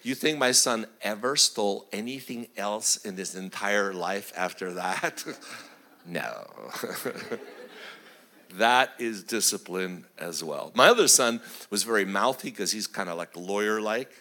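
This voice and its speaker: A middle-aged man, a pastor, telling family stories in a sermon, animated and chuckling as he acts out the voices. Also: on the low side, a little slow. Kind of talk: sermon storytelling.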